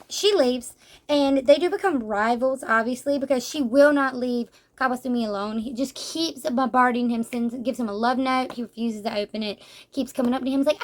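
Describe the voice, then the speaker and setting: A woman chatting casually as she reviews a manga, animated and laughing, acting out the characters' lines. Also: fairly high pitch. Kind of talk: casual book review chat.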